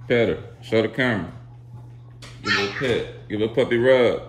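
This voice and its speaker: A man's voice: lowish voice, moderate pace, over a noisy crowd. A young man hosting a casual home vlog, playfully coaxing kids and dogs and laughing often. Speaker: vlogger. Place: home kitchen. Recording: noisy home recording.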